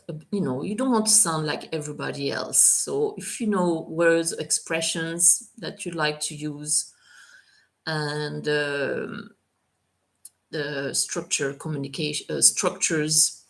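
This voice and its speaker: Slow, low-voiced woman teaching French. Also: vocal fry. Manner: relaxed, chatty, with frequent fillers and careful French examples. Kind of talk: live Q&A tutoring session.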